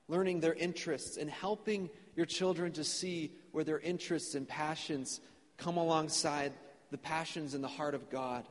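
A man's voice: a little high, in a large hall. A young man preaching a sermon earnestly, repeating phrases for emphasis. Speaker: pastor. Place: church.

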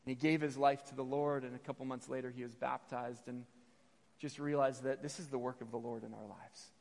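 A man in his thirties giving a sermon with personal stories, animated and repeating phrases for emphasis, sometimes stumbling over words. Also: medium pitch, brisk, creaky. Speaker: missionary preacher. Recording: long hall reverb.

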